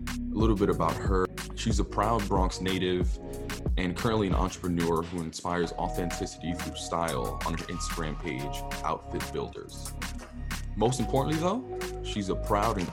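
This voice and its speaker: Chill new guy hosting a podcast, lowish voice, music playing behind. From New York. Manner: relaxed and friendly, slangy, laughs easily. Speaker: podcast host. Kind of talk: casual interview chat.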